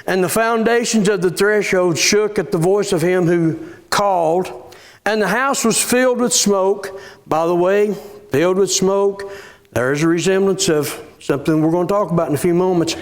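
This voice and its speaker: Male pastor, slow and halting sermon delivery, high register, reads scripture between comments. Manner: halting, repeats words, reads scripture aloud. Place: church.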